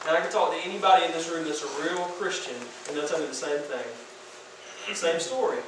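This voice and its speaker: Animated slangy preacher, echoey room. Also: male voice, a little high, brisk, distant mic, background noise. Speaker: youth pastor. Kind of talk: sermon.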